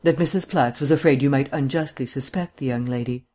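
A man reading an audiobook, voicing a cool, cynical gentleman detective with a drawling, mildly mocking manner. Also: mid-range voice, brisk, natural voice. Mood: urbane, amused.

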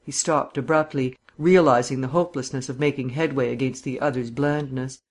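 A man narrating an audiobook in a measured, even reading. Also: medium pitch, breathy edge.

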